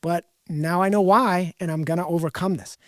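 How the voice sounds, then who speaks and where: A man's voice: high-pitched, fairly even intonation, normal speed, no echo, clean studio sound. A man hosting a podcast, talking candidly in a rambling, self-deprecating way. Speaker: podcast host. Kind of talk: casual podcast conversation.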